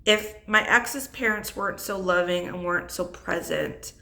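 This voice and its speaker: A young single mother vlogger talks through her divorce without a script, reflective and on the verge of tears. Her lowish, gravelly voice sounds pushed and bright, moving at a normal speed.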